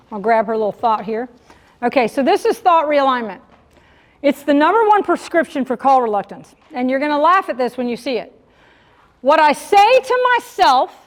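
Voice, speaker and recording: High-voiced woman coaching a conference crowd. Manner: animated, direct, addresses the audience as y'all. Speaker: sales coach speaking at a breakout session. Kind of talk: live motivational keynote talk. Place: large conference hall. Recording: long hall reverb from a conference room.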